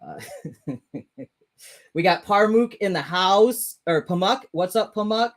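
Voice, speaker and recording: A man's voice: high-pitched, animated, slow pace, poor audio. A man hosting a casual live stream, chatting loosely with viewers, stumbling over words and swearing freely. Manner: rambling, self-correcting, swears casually. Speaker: livestream host. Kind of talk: casual live chat reading comments.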